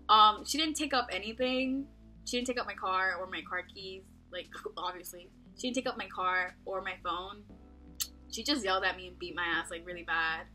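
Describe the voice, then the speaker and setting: A young woman from Texas rambles through a story to her camera, stuffing "like" into every phrase and breaking into giggles. Her voice is bright and sharp. Faint music plays behind her in a small dorm room. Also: medium pitch. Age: young adult. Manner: rambling, constant "like", profane, giggly. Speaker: vlogger.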